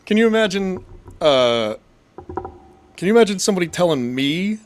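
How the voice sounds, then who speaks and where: A young man with a fairly high voice rants and rambles on his stream, swearing constantly as he reads and answers chat. The recording has no room sound, capturing a casual, profane live-stream rant.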